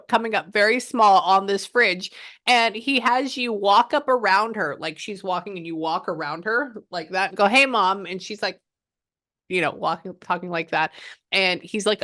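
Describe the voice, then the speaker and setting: A woman working as a psychic medium, giving a client a reading and passing on messages in an animated, chatty way. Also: medium pitch, no echo, clean studio sound. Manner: animated, relays messages in quotes, frequent "hold on".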